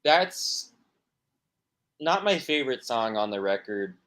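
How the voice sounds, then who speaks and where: A man talks at an unhurried pace about his music, his voice sitting in a mid range. He rambles, circles back and restarts his sentences often, in the loose style of a podcast guest. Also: medium pitch, big pitch swings, fairly bright tone. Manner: rambling, many restarts and fillers. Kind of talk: casual podcast interview.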